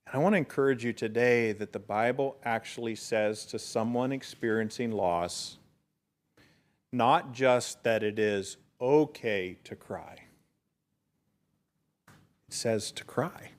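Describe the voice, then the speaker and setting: A middle-aged man preaches to his congregation in a church. He talks in an earnest, storytelling way and rises in emphasis on his main points. His voice sits at a middle pitch. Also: slow pace, pauses often. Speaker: pastor. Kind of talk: sermon. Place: church sanctuary.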